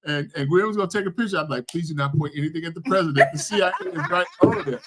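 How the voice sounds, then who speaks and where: A middle-aged man co-hosting a casual faith and news chat, a lively storyteller whose voice jumps up when he quotes people. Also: fairly high pitch, racing. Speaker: co-host of a weekly faith and news show.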